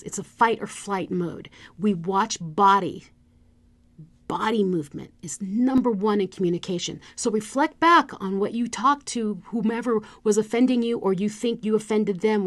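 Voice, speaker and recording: Woman, speaker coach, middle-aged, animated motivational talk, medium pitch. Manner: animated, coaching tone with demonstrative asides.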